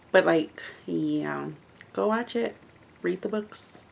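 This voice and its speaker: A woman's voice: fairly low pitch, a little slow, gravelly. A woman reviewing books in a casual vlog, chatty and rambling, with lots of "like" fillers. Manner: chatty, rambling, heavy use of "like". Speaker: book reviewer.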